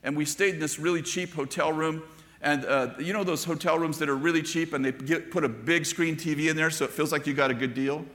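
Older male pastor, conversational storytelling sermon, bright tone, hall echo. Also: a little high, fairly even intonation, brisk. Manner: storytelling preacher, conversational asides to the congregation.

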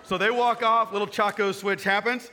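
A man preaching a sermon, retelling a scripture story in casual, animated paraphrase and acting out the characters. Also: sits high, normal speed, slight background noise. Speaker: pastor.

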